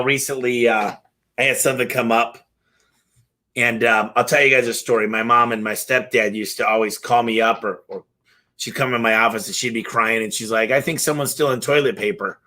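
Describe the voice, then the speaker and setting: A man's voice: medium pitch, bright, forceful tone. A man hosting a live Q&A, talking casually and passionately, telling stories with lots of energy and the odd swear word. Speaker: business owner hosting a live Q&A. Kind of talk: casual live-stream talk and storytelling.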